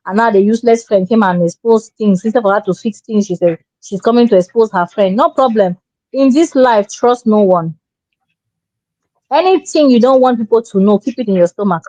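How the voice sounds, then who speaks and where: A woman's voice: medium pitch, moderate pace, mellow, no echo. A woman giving emphatic, preachy marriage advice in casual talk, acting out quoted dialogue. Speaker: relationship commentator. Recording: dull dry lo-fi sound.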